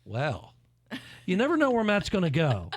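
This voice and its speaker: A man's voice: sits high, wildly swooping pitch, heavy background noise. A man hosting a playful talk show, cracking jokes and theatrical asides. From Philadelphia. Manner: joking, theatrical, quick asides. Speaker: host. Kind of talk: playful morning show banter.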